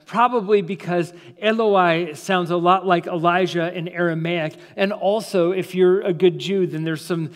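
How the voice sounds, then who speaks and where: A man, a pastor, preaching a sermon with dramatic pauses, slowing down and dropping soft for emphasis, in a church sanctuary. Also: high voice, big-room sound. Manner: dramatic preaching, slows and drops to near-silence for emphasis.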